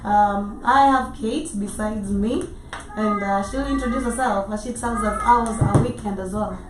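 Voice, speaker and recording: A woman with a raspy voice co-hosting a casual talk show, teasing and chatty. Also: medium pitch, normal speed. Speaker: co-host. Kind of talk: casual radio chat. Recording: echoey, distant, noisy.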